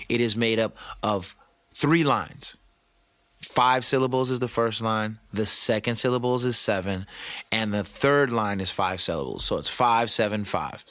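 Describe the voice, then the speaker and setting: A man with a bright, forceful voice talks loosely and playfully, full of slang, as he hosts a podcast. The sound is dry and close, with no room around it. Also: lowish voice, no echo. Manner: animated, playful, slangy, talks to his producer. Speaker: podcast host. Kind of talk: casual motivational talk.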